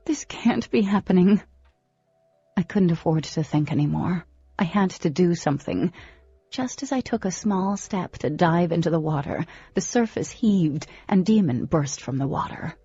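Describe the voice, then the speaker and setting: A woman narrating a first-person audiobook in an expressive, dramatic storytelling manner, on a close microphone. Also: on the low side, normal speed, slightly rough, dry recording, muffled recording.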